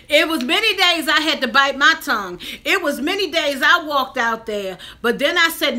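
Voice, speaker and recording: Bright, high-voiced woman vlogger, slow talk. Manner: animated, talks straight to viewers, emphatic. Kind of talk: casual mukbang chat to viewers.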